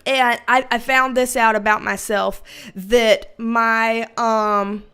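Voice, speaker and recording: A woman's voice: a little high, flat delivery, slow, sharp tone, clean tone. A woman hosting a casual livestream, greeting viewers by name, laughing often and swearing casually. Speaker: livestream host. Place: dim indoor room with ring light.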